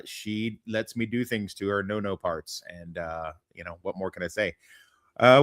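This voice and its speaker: A man with a mid-range, fairly bright voice hosts a podcast, recorded dry at studio quality. His chat is casual and crude, rambling along with jokes at his own expense.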